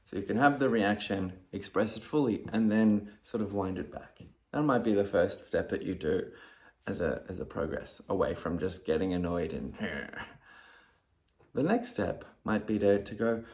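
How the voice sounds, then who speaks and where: A man in a casual talk to camera, calmly explaining, with his voice jumping loud and high when he acts out his own replies. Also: a little slow. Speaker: video creator talking about ADHD.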